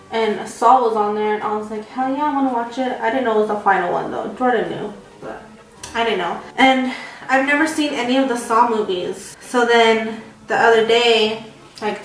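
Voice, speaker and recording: A young woman in her twenties chatting casually while doing her makeup for a get-ready-with-me vlog, rambling and poking fun at herself. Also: fairly high pitch. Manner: chatty, rambling, self-mocking. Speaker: beauty vlogger. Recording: very echoey room, from far off.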